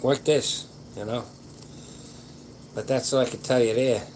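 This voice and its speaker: A man's voice: mid-range voice, steady tone, a little slow, a little mellow, poor audio. Older male host, casual late-night advice chat, folksy and rambling, slight background hiss. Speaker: livestream host answering viewer questions.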